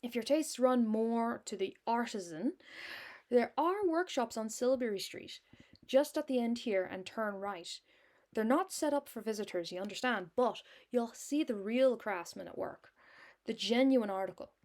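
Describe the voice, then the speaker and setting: A woman's voice: a little high, lively intonation, measured pace, a little mellow. A woman voicing a talkative, motherly middle-aged landlady in a hammy Irish accent. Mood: chatty.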